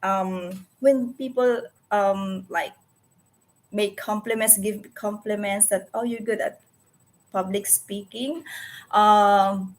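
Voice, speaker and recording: A woman's voice: mid-range voice, steady tone, takes it slowly. A woman in her forties with a Filipino accent, whose first language is Tagalog, hosting a casual live stream from her computer. She talks earnestly and often stops to search for words and correct herself. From Philippines. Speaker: livestream host.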